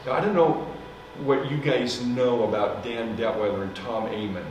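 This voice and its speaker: A man preaching as pastor, telling a story in a loose, conversational way with fillers and soft laughs. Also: medium pitch, normal speed, a little hiss or hum. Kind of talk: sermon storytelling. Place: church sanctuary. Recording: echoey hall, mic from a distance.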